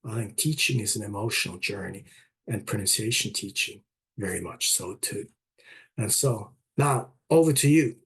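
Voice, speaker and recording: A man's voice: on the low side, moderate pace, slightly rough. A man presenting his research on a video call, explaining at length with frequent fillers and restarts. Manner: hesitant, many restarts and fillers. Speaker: academic presenter. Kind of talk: online conference talk and Q&A.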